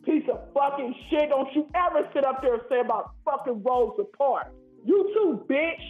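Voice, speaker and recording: A man from Ohio calls in and rants in a heated, profane, rambling way. His voice sits very high. It comes through a tinny, echoey phone line. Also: expressive, moderate pace, soft background music. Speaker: caller. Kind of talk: angry call-in rant. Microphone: phone call.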